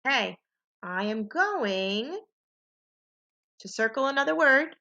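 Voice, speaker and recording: A woman teacher giving a phonics lesson to young children, modeling sentences slowly and clearly with exaggerated expression. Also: sits high, sing-song, pushed and bright, lo-fi sound.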